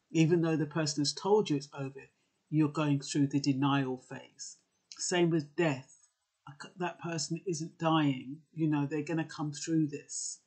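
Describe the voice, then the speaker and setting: A man's voice: on the high side, a little mellow, slightly rough. A man giving earnest, conversational advice, with frequent fillers and restarts. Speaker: advice vlogger. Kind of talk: casual advice talk.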